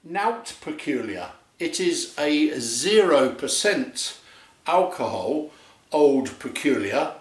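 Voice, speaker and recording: A man's voice: fairly high pitch, animated, slow pace. A man hosting a casual review vlog, talking to the camera in a chatty, jokey way. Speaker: beer reviewer, channel host. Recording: echoey room.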